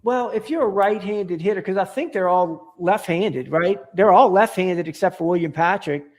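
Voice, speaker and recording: A man's voice: sits high, moderate pace. A man talking as a podcast guest in casual chat, rambling and enthusiastic, with many restarts and fillers.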